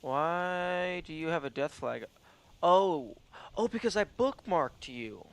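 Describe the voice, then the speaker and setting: A man's voice: fairly high pitch, lively intonation, slow, creaky, fairly bright tone, clean tone. A man streaming a mystery puzzle game, thinking aloud in casual muttered commentary with the odd swear. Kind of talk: let's play commentary.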